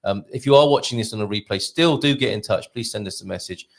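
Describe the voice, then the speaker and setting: A man's voice: on the low side, fast talker, vocal fry. A middle-aged man co-hosting a casual live-stream show, talking with frequent hesitations and restarts. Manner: hesitant, many fillers and restarts.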